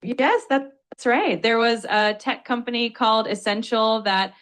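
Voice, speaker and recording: A woman's voice: a little high, measured pace, a bit bright. A woman's voice acting as an English tutor, explaining word meanings in a polite, upbeat, patient way.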